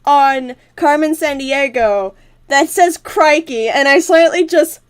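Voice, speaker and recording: A woman's voice: high-pitched, slow. A young woman chatting casually on a livestream, giggling often and swearing freely. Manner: giggly, swears a lot, bursts into loud laughter. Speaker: livestream co-host. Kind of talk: casual chat.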